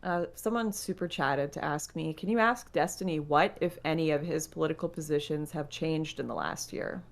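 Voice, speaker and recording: A woman talking casually on a live stream, dry and sarcastic, often pausing on fillers. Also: low voice, creaky.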